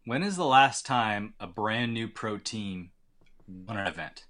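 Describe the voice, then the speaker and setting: A man's voice: fairly low pitch, animated, a little slow, a bit bright. A man hosting a podcast, chatting casually, curious and joking, firing off questions. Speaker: podcast host. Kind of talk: casual chat.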